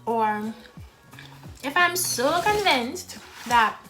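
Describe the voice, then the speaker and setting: A young woman with a bright, clear voice talks frankly to the camera between bites of food. Her pitch sits a little high and her delivery stays blunt and matter-of-fact. Soft music plays faintly behind her. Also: animated, very slow. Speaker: mukbang vlogger. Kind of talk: casual talk while eating. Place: at home.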